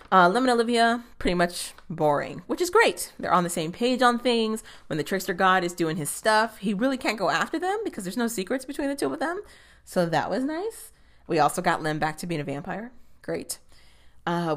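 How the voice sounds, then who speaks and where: A young woman recaps a TV episode in a casual, chatty way. Her pitch swings all over the place as she talks. She swears freely and keeps popping into quick voices for the characters.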